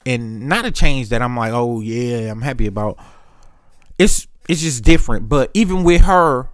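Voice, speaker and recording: A man's voice: medium pitch, a bit bright, no echo, studio quality. A man in his thirties hosting a podcast, telling a rambling, profane story in casual chat and acting out the voices of the people he quotes. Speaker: podcast host.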